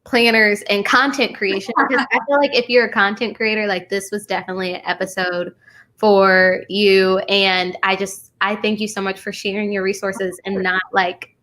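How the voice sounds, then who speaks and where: A woman's voice: medium pitch, little pitch movement, moderate pace, sharp tone. A woman hosting a casual live stream, enthusiastic, reading viewer comments aloud and saying "y'all.". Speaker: host.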